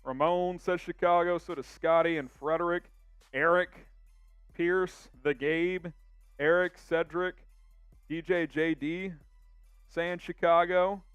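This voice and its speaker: A man's voice: a little high, fairly even intonation, takes it slowly, a bit bright, clean tone, no room sound, faint music behind. A young man hosting a casual sports live stream, reading out viewer comments in an upbeat way.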